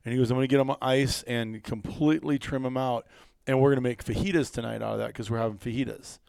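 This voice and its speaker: A man casually telling a hunting story among friends, animated and rising sharply when incredulous. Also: medium pitch, fast talker, gravelly, clean tone, no echo, studio quality.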